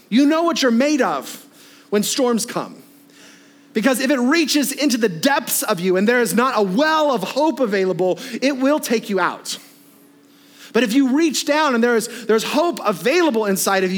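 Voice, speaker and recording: A man preaching a sermon in a conversational, animated way, with frequent asides and tag questions to his listeners. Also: very high-pitched.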